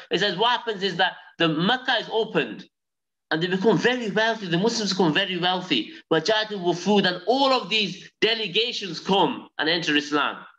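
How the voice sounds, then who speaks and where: A man teaching a live online religious class. He tells stories in an animated way and recites Arabic phrases quickly. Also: high-pitched, low-quality recording.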